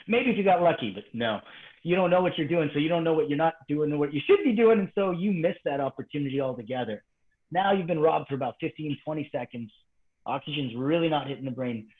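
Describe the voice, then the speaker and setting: Lively storytelling man over a tinny line. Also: a little high. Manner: acts out quoted dialogue, swings between hushed and excited. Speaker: interview guest. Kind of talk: animated storytelling.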